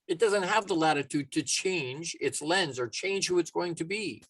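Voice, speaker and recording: A man's voice: fairly high pitch, moderate pace, a bit bright, husky, no echo. A man giving a motivational talk as a life coach, casual and emphatic, often restarting his sentences.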